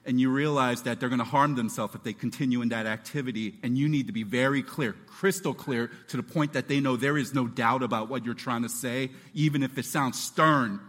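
A man preaching a sermon as pastor, animated and acting out voices and quotes as he teaches. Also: mid-range voice, fairly quick, hardly any pauses, long reverb tail.

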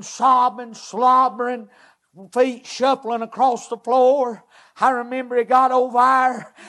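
A man, preaching a personal testimony in earnest, halting, short emotional phrases. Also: very high-pitched, fairly bright tone.

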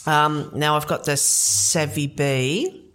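A woman co-hosting a podcast, chatting casually through a wine and cheese tasting, animated and blunt, laughing often. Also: low-pitched, slow. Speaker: podcast co-host.

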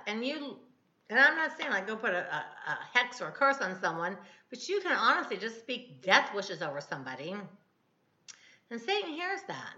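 A woman's voice: fairly high pitch, pushed and bright, echoey room, dull audio. A woman in her fifties, a podcast host rambling and correcting herself in a casual devotional talk. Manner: chatty, rambling, self-correcting.

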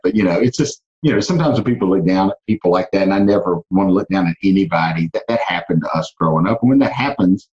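A very deep-voiced man with a Southern twang talks about his life as a podcast guest. He tells it earnestly, stopping and restarting often. The sound is dull and lo-fi. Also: animated, fast, hardly any pauses, darkish tone. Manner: earnest storytelling with many restarts. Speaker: guest, car dealership owner. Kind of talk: casual podcast interview.

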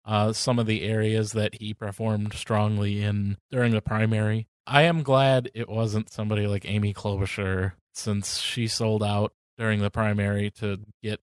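Low-voiced wry podcast man. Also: little pitch movement, normal speed, hardly any pauses, smooth, dry recording. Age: older than co-host. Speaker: podcast co-host. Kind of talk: casual political chat.

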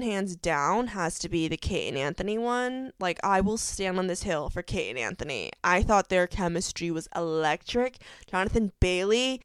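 Gushing young woman, smooth voice. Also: medium pitch, no echo, clean studio sound. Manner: gushing, enthusiastic, lots of fillers. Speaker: podcast host. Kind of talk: casual solo chat.

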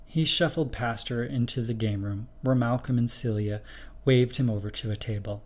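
A man narrating a spooky short story in a steady, measured reading voice. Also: mid-range voice.

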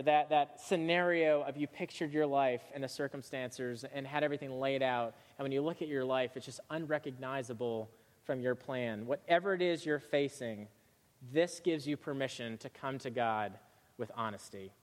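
A man delivers a sermon as a pastor, in a loose, chatty way that often doubles back on its words. His voice sits a bit on the high side. The sound carries a long reverb, as in a large church hall. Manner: casual, conversational preaching with frequent restarts.

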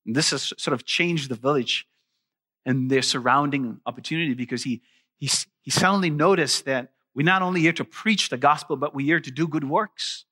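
A man's voice: a little high, fairly quick, bright, forceful tone. A man preaching a sermon to his congregation, emphatic and full of rising questions.

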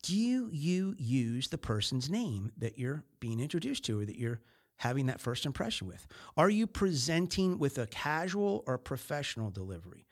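A man's voice: medium pitch, sing-song. Guy chatting loosely on his sales show, lots of ums and restarts. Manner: chatty, rambling, with many fillers and restarts; mimics other voices in quick snippets. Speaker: host of a sales talk show. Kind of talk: casual monologue.

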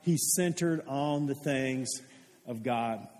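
A man's voice: mid-range voice, slow pace, darkish tone. A man preaching a sermon as a pastor, telling stories with earnestness and putting questions to his congregation. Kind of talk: sermon with storytelling. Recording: long hall reverb.

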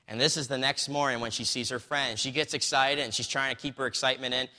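Man, bright voice, storytelling sermon, casual delivery full of fillers, long hall reverb. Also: mid-range voice, little pitch movement, fast talker, few pauses. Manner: loose, conversational, with many fillers and restarts. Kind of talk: storytelling sermon, reading from a book.

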